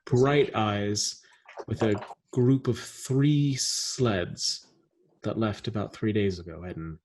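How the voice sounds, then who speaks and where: A man's voice: on the low side, slow, darkish tone, a little hiss or hum. A man voicing a nervous, eager-to-please townsman who stammers and hesitates.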